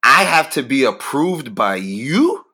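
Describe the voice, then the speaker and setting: Bright-voiced man ranting loudly. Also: slow pace, breathy edge. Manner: animated ranting, swearing, sudden pitch jumps. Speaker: podcast host. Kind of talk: profane comedic rant.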